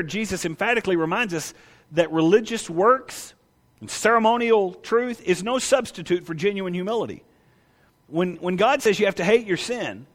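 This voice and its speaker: A man's voice: high-pitched, a bit bright, long reverb tail. A man preaching a sermon, pressing his point with rhetorical questions and reading scripture aloud. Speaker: pastor.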